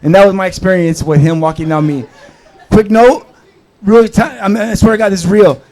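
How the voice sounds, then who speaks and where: A man's voice: sits high, a little fast. A tipsy man hosting an open mic, telling a loose story and handing out prizes to the crowd. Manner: loose, rambling, shouts to the crowd. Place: comedy club stage before a live audience.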